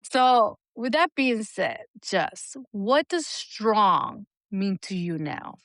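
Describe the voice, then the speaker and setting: A woman co-hosting a podcast, talking candidly and with lots of swearing, lively when she mimics other people. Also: mid-range voice, extremely slow, no echo, studio quality. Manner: candid, profane, animated when quoting others. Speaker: podcast co-host. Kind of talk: casual podcast chat.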